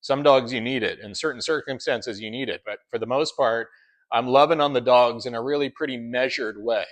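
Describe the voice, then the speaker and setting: A dog trainer, a man, explains his training approach in a relaxed instructional talk. His voice sits at an ordinary middle pitch, and he often checks in with a quick "right?" as he goes.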